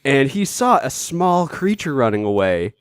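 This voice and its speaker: A man co-hosting a casual comedy podcast, rambling through the story and doubling back on himself. His voice is close and dry, with no room sound, and his pitch sits in the middle for a man. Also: very animated, unhurried, clear, resonant tone, no echo. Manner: rambling, self-interrupting storyteller. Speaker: podcast co-host.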